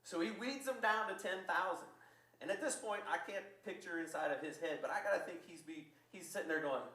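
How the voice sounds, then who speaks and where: A man preaching a sermon as pastor, telling the story in a lively way and acting out the quotes. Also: sits high, brisk. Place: church. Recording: echoey church from far off.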